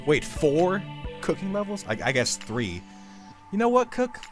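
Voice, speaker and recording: A man's voice: sits high, sing-song, measured pace, soft background music. A man hosting a gameplay video, rambling with absurd jokes and calling the listener dude. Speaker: gaming video host.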